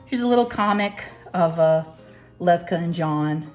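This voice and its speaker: A young woman with a fairly low voice talks through her sketchbook in a rambling, self-deprecating way. She chats casually as she flips pages, and faint music plays underneath. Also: unhurried, darkish tone. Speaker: artist, channel host. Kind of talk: casual sketchbook tour narration.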